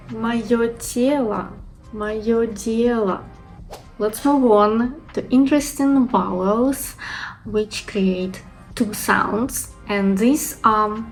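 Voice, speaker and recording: A woman teaching pronunciation, sounding out syllables slowly and carefully. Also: a little high, soft background music, poor audio. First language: Russian. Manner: slow, careful demonstration of sounds. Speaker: Russian language teacher. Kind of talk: pronunciation lesson.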